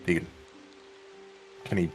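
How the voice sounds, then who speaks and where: A man's voice: takes it slowly, darkish tone, faint music behind, natural voice. A man doing a stammering cursed raccoon elf. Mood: anxious. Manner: stammering, eager.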